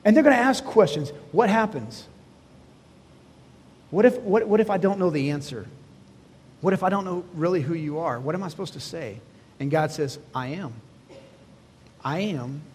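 With lively intonation and frequent pauses, a pastor preaches at normal speed in a high-pitched voice that is darkish in tone with a breathy edge, and the sound is big-room. Addressing the congregation in a church hall conversationally, he asks questions and acts out the story's lines, voicing God and Moses.

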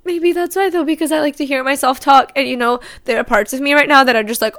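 A woman's voice: high-pitched, steady tone, fast talker, few pauses, fairly bright tone. A woman hosting her own unscripted solo podcast, talking candidly and rambling, correcting herself as she goes and swearing casually. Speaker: podcast host.

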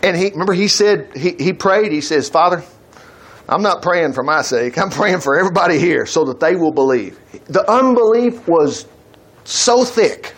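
A man preaching a casual, folksy sermon, acting out the people he quotes. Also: a little high. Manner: folksy, animated, acts out quotes.

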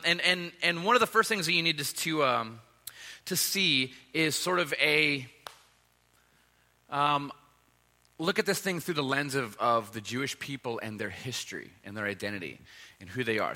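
A man, a pastor, preaching a sermon in a conversational, animated way, often restarting with ums. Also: fairly high pitch, big-room sound.

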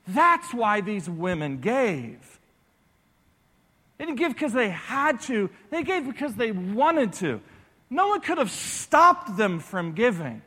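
A man preaching a sermon through animated personal stories. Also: extremely high pitch, measured pace, slightly rough. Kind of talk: storytelling sermon. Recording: echoey large hall.

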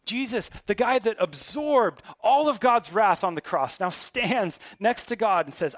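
A man's voice: high voice, animated, unhurried, hardly any pauses, fairly bright tone, no echo, clean studio sound. A male pastor delivering a sermon in a conversational, emphatic way, with casual asides.

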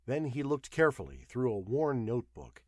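A man's voice: mid-range voice, very animated, normal speed, darkish tone, dry recording, clean studio sound. A man narrating an audiobook expressively, acting out the characters' voices.

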